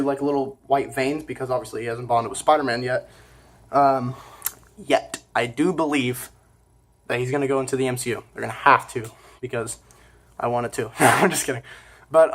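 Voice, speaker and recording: A man talks through a movie review in an offhand, casual way. He rambles, stops to correct himself, and fills gaps with hesitant fillers. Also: mid-range voice. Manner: informal and offhand.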